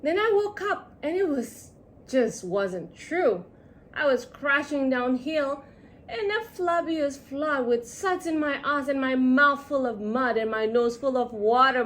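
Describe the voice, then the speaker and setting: Woman reading a children's storybook aloud, lively and sing-song. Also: sits high. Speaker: storybook reader.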